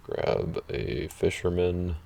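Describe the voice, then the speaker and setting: A man's voice: low voice, slow, creaky, dark tone. A man hosting a channel, chatting casually and thinking aloud through a card game with many fillers. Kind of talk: casual gameplay chat. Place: playing an online card match.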